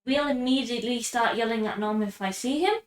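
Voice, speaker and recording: Woman player, high voice, chatty, echoey room. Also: a little fast. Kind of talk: in-character game chat.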